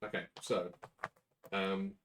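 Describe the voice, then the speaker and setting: A man's voice: sits low, flat delivery, slow, a bit bright, a little hiss or hum. A man playing a tabletop game, chatting in a laid-back way. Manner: laid-back, chatty, uses British slang. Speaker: player. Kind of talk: casual tabletop play.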